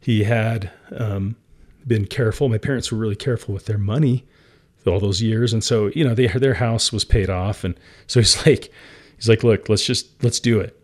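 A man's voice: fairly low pitch, moderate pace. A middle-aged man as an interview guest, telling a personal story candidly, emotional at times and laughing often. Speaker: entrepreneur guest.

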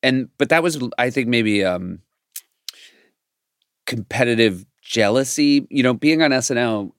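Middle-aged male guest, low voice, rambling self-deprecating chatter, dry sound. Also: dry recording. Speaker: guest, comedy writer. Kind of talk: casual interview chat.

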